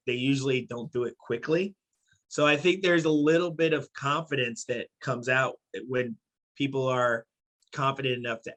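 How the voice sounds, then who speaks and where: A middle-aged man from Haiti and New York, speaking as a podcast guest in a thoughtful, measured way. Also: mid-range voice, bright, forceful tone. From born in Haiti, raised in New York. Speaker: podcast guest, company CEO. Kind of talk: casual podcast interview.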